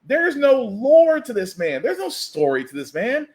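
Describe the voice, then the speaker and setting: A man's voice: very high voice, huge pitch swings, a little slow. A man hosting a podcast, delivering a satirical news commentary monologue with incredulous, ranting comic asides. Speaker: podcast host. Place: lives in the US South.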